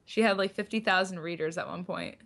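A woman's voice: lowish voice, brisk, fairly bright tone. A woman guest on a game stream, chatting casually and playfully with the hosts.

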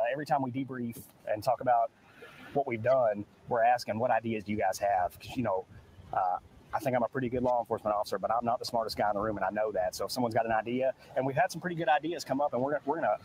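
A man's voice: medium pitch, rapid-fire, a little hiss or hum, low-quality recording. A man, a law enforcement officer, answering questions at an outdoor press briefing in an earnest, plain-spoken way. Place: outdoors at a search site.

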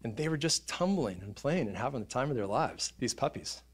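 A man, preaching a sermon in a church, telling stories in an animated way and acting out voices and sounds. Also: mid-range voice, brisk, slightly rough. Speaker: pastor. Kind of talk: casual sermon storytelling. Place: church auditorium.

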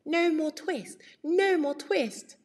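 A woman's voice: high-pitched, very animated, slow, pitched above the performer's own voice, exaggerated voice. These are cheeky little storybook mice that chant in a raised, sing-song voice, as a woman reading aloud puts them on. There is a long reverb tail on the sound.

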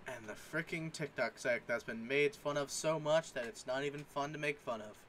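A man's voice: medium pitch, normal speed, a bit bright, slight background noise. A man in casual commentary, reading memes aloud and joking, sometimes putting on mock voices. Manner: jokey, reads captions aloud with mock voices.

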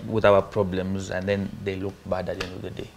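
A man with a Ugandan accent, an actor guest on a talk show, animated and acting out stories. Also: sits low, a little fast, noisy background. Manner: animated storyteller, acts out quoted voices. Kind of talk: casual interview chat.

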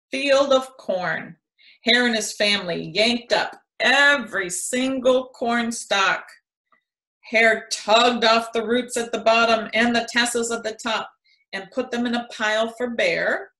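A woman reads a children's picture book aloud, taking her time with each phrase. Her voice sits a little high and comes across bright and clear. The delivery is expressive, as a storyteller's should be. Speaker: extension educator reading a picture book.

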